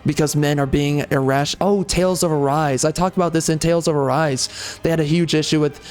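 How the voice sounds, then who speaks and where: A man's voice: fairly high pitch, steady tone, fairly quick, a little mellow. A man hosting a gaming channel, giving opinionated commentary in a rambling, emphatic way with many fillers and restarts.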